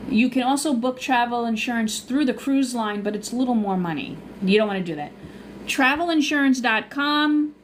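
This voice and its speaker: A woman with a Long Island accent talks her viewers through cruise questions on a casual livestream. She is chatty and easily sidetracked, and her voice sits a little high. A faint hiss runs under the recording. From Long Island, New York. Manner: chatty, loses her train of thought. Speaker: travel agent and cruise livestreamer.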